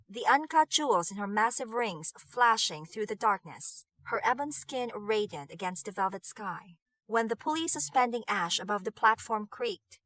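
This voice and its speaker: A woman narrating an audiobook in a measured, expressive way. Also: a little high, no room sound. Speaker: audiobook reader.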